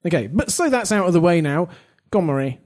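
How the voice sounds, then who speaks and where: A man with a somewhat high voice hosts a casual chat, steering the talk with wry, joking asides. His manner is relaxed and conversational. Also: quick pace.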